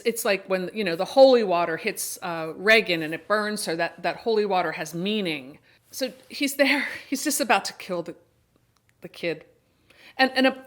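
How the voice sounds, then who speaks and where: A woman's voice: medium pitch, a bit bright. A woman hosting a horror book and film channel, giving a casual review monologue and retelling the plot with enthusiasm and many restarts.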